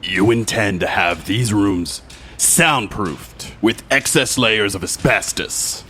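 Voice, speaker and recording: An actor playing a gruff, put-upon male construction worker who grumbles indignantly. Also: fairly low pitch, slow, pushed and bright, slight background noise.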